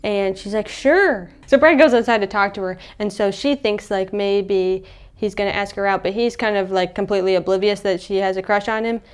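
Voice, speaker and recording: A young woman talks through a movie's plot in a loose, chatty way. She slips into the characters' voices as she goes. Her voice is smooth and resonant, sitting at an ordinary middle pitch. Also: brisk. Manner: chatty, animated, acts out characters' lines. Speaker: movie reviewer. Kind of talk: casual movie recap.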